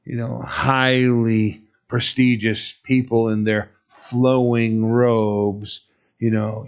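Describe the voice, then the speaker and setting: A man preaches at a slow, deliberate pace, keeping his sermon conversational with fillers and asides before pressing hard on key words. His voice sits at an ordinary male pitch. The recording sounds a bit dull and lo-fi. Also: flat delivery, clean tone. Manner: conversational, asides and fillers, rising to stern emphasis on quoted rebukes.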